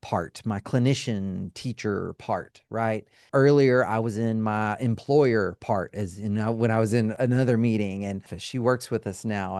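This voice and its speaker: A man's voice: medium pitch, darkish tone, no echo, studio quality. A male counselor and trauma specialist, a guest in an interview, explaining things in a teacherly way and often checking in with "right?" and "okay?".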